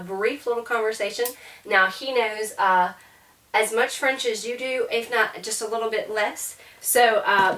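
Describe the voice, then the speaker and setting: A woman's voice: medium pitch, fairly bright tone, a little hiss or hum. Woman language teacher, upbeat and patient, recorded from a distance in a roomy space. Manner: upbeat, explains step by step with demonstrations. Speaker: French teacher. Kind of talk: casual classroom lesson.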